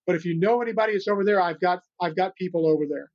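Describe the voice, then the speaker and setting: Earnest older man with a high voice. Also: racing, darkish tone. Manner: earnest, rambling, many restarts. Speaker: guest, animal rescuer. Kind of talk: storytelling interview talk. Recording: dull lo-fi sound.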